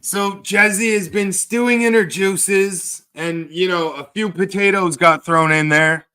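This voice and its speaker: A man on a livestream, talking slowly in a bright, slightly high voice. He trades crude, sarcastic jabs with his chat and drawls his punchlines. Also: clear, resonant tone. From Canada. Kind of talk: profane livestream banter reading chat.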